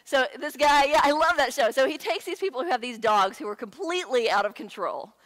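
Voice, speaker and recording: A woman giving a sermon in a conversational, playful way, with lively asides to the congregation. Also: high-pitched, brisk. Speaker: guest speaker. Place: church sanctuary. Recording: long hall reverb.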